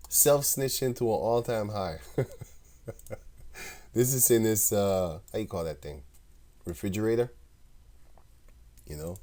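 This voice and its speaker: A man with a deep, low voice preaching to an online audience. He reads scripture aloud and breaks into loose, chuckling commentary between the verses. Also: animated, moderate pace, long pauses, mellow.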